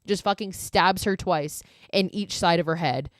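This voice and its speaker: A woman hosts a podcast and recaps a horror movie casually, leaning on "like" and dropping swear words. Her voice sits on the low side for a woman. She is close to a podcast mic in a dry, dead-sounding space. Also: normal speed, dry recording. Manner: chatty, peppered with "like" and swearing. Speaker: podcast host.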